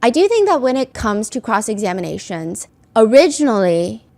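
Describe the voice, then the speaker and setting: A woman's voice: fairly high pitch, sing-song, normal speed, darkish tone. A woman hosting casual commentary, recapping a trial in a chatty way with many filler words and acted-out quotes.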